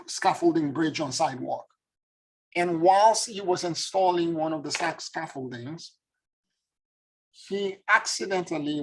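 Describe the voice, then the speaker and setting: A man's voice: a little high, vocal fry, darkish tone, poor audio. A man, a spiritual teacher and former tarot reader, telling a story in an earnest, reflective and emotional way.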